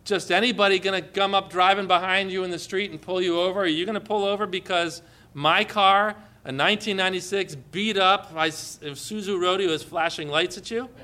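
A man preaching a sermon, acting out quoted lines with big swings in pitch and loudness. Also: fairly even intonation, fairly quick.

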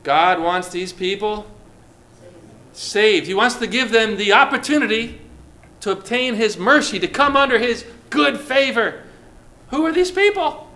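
Bright-voiced man preaching a lively sermon. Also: sits high, a little slow. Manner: lively preaching, calls on listeners by name. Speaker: pastor.

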